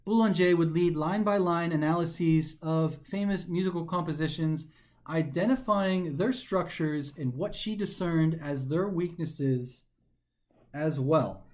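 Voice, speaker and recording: A man teaching a recorded grammar lesson for a test, talking animatedly and slowing down to stress the pauses as he reads sentences aloud, sometimes tripping over his words. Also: on the high side. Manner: animated, emphatic, slows down to stress pauses when reading aloud. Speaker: test prep instructor.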